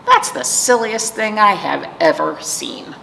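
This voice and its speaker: A woman's voice: medium pitch, lively intonation, measured pace, creaky, sharp tone, pitched above the performer's own voice, full character voice. A woman voicing an unimpressed female farm cow in a storybook read-aloud, with a mildly amused tone. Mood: amused disbelief. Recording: reverberant room, faint noise.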